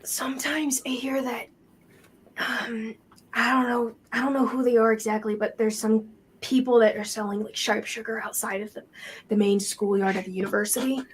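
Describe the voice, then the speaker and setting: A woman's voice: sits high, expressive, brisk, fairly bright tone, slight background noise. A woman voicing a nervous young male street kid who mumbles and gets defensive. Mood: hushed.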